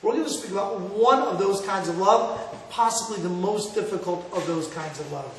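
A middle-aged rabbi from Cleveland giving an earnest sermon, telling stories and mixing in Hebrew and Yiddish words. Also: male voice, sits high, normal speed. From Cleveland, Ohio, USA. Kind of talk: sermon to a live audience. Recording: echoey hall, mic far off, faint noise.

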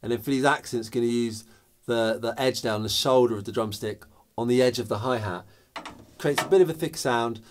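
A man's voice: medium pitch, brisk. A man teaching a drum lesson, explaining patiently step by step and counting rhythms aloud and beatboxing the patterns.

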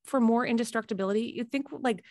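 A woman speaking as a podcast guest in casual conversation, earnest and reflective, with halting restarts. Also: a little high, a little mellow, no echo.

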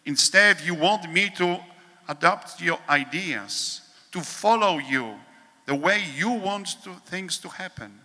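A priest reading a devotional meditation in a slow, measured, solemn way, with pauses, in a large hall. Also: male voice, sits high, lively intonation, bright, forceful tone.

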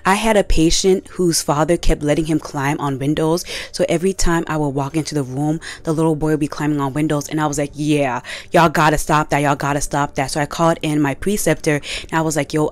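A young woman vlogger telling a story in a casual, animated, slangy way. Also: deep voice. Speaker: commentary vlogger. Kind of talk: casual commentary.

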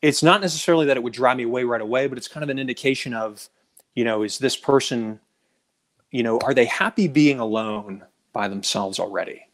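A man speaking as a guest in a casual conversation, weighing his words with frequent restarts and fillers. His voice sits at an ordinary male pitch. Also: a little fast. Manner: thoughtful, hesitant with restarts. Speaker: guest on a dating advice show. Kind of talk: casual chat, personal anecdotes.

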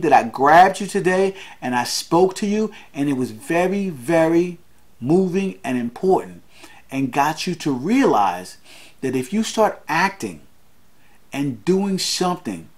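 Earnest motivational podcast host, man. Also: on the high side. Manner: earnest, repeats key lines, addresses listeners as guys. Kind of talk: motivational monologue.

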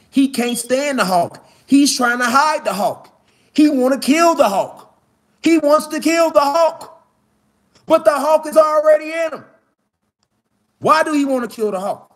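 A man with a strikingly high-pitched voice delivers a fiery, preaching-style monologue in heavy street slang. He talks outdoors in the mountains and climbs from low, steady talk into shouted emphasis. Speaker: online spiritual speaker.

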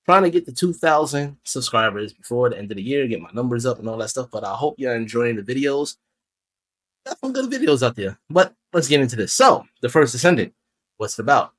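Young male gaming host, casual rambling review delivery, mid-pitched. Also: lively intonation, fairly quick. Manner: rambling, loose and chatty, with self-corrections. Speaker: gaming YouTuber.

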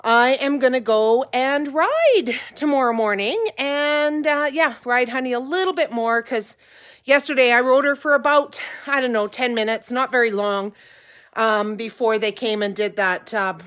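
Ranch lady vlogging from her kitchen, kinda teary, rambly, highish voice. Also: moderate pace, a bit bright. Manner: rambling, a little teary, self-deprecating. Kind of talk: casual vlog chat. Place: home kitchen.

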